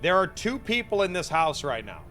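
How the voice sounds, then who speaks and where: A man's voice: high-pitched, very animated, normal speed, sharp tone, faint music behind. A male streamer giving casual, chatty gameplay commentary, reacting and thinking aloud. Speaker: VTuber streamer.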